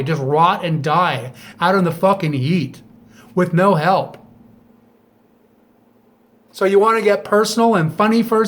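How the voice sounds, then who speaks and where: Middle-aged man, high-pitched voice, bitter, swearing, angry monologue to camera. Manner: bitter, profane, sharp rhetorical jabs. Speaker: vlogger.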